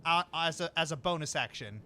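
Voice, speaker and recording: A man's voice: fairly high pitch, expressive, a little fast, bright, forceful tone, slight background noise. A man narrating as game master of a tabletop game, playful and chuckling, on a desk mic.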